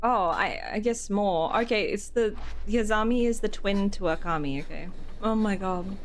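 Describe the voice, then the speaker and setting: A young woman streaming a game, giggling often and swearing loudly between her comments. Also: mid-range voice, normal speed, slight background noise. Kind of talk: casual gameplay commentary.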